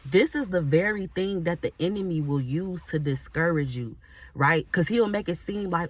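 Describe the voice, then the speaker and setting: A woman's voice: on the low side, normal speed. Emphatic woman preaching to her viewers. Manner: emphatic, repeats phrases, frequent tag "right?"; addresses audience directly and casually. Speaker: Christian life coach. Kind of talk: motivational preaching to camera.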